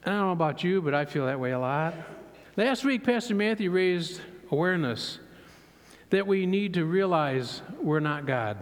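A man giving a sermon, opening with a prayer and a joke, then speaking openly of his own struggles. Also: on the high side. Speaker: lay preacher. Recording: long hall reverb.

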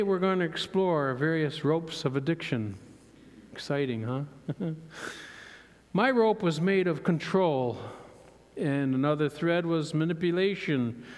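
A man giving a sermon, opening with a prayer and a joke, then speaking openly of his own struggles. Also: on the high side. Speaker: lay preacher. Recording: long hall reverb.

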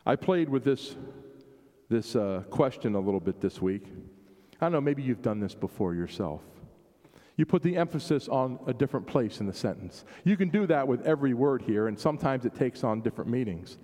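A man's voice: medium pitch, lively intonation, a little fast, mellow. A man preaching a sermon in a reflective way, shifting his emphasis and acting out the questions he quotes. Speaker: pastor. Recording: long hall reverb.

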